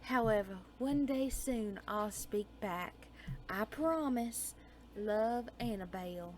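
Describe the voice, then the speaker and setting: A woman reading a dark romance story aloud, with a slow, soft, dreamy delivery that sometimes drops into whispers. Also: medium pitch, expressive.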